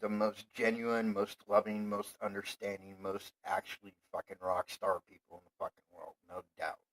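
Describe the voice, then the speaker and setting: A man hosting his own show, delivering a profane, rambling monologue that swears constantly and flares into heated yelling. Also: on the low side, level tone, normal speed, poor audio.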